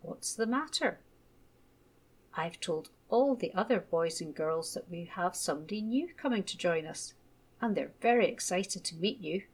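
A woman voicing a cheerful, friendly nursery teacher in a children's storybook, beaming and bright. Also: fairly low pitch, expressive, normal speed, slightly rough.

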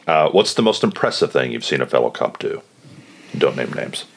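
A man's voice: a bass voice, big pitch swings, normal speed, a little hiss or hum. A man interviewing former police officers, asking questions and reacting with enthusiasm.

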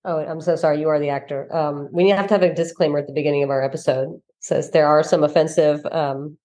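A woman's voice: deep voice, fairly even intonation, fast talker, mellow. A woman co-hosting a casual movie review podcast, teasing her partner playfully. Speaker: podcast co-host.

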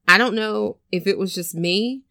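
A woman casually chatting and retelling a film scene, animated and storytelling. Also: mid-range voice, normal speed, vocal fry, no room sound, studio quality. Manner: chatty, animated storyteller who acts out quotes. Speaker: podcast co-host. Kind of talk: casual chat recapping a film.

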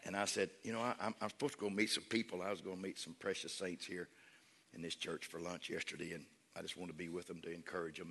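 Gravelly pastor, shouting praise in a big church. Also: male voice, low-pitched. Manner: folksy storyteller, swings from shouted praise to soft confiding. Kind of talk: sermon with storytelling. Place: large church hall with congregation. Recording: long hall reverb with faint crowd.

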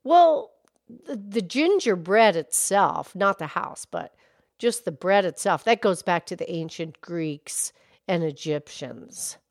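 A woman voicing a calm, kindly female cow who co-hosts a kids' podcast, gently reassuring and patiently explaining facts. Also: lowish voice, slow pace, no room sound, clean studio sound. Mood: gentle. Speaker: podcast co-host. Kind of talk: in-character kids' podcast chat.

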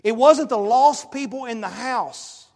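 A male pastor delivers a sermon with a high, bright voice. He tells stories in an animated way, pushing his voice up for emphasis. A long reverb from the church hall hangs on every word. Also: measured pace, gravelly. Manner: animated storytelling, emphatic rises. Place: church sanctuary.

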